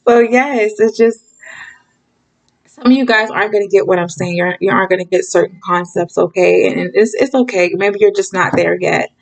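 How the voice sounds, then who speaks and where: In a rough recording, a woman with a mid-range voice speaks directly to viewers, dispensing frank tough love in a casual monologue. She's a spiritual reader and channel host who frequently checks in with "okay?" and "you guys," talks fast when worked up, and dramatizes the voices she quotes.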